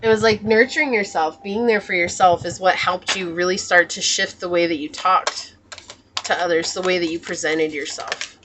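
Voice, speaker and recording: A woman giving a pick-a-card tarot reading in a musing, soft-spoken way, often trailing off and correcting herself. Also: on the low side, fairly even intonation, normal speed, slight background noise. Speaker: tarot reader.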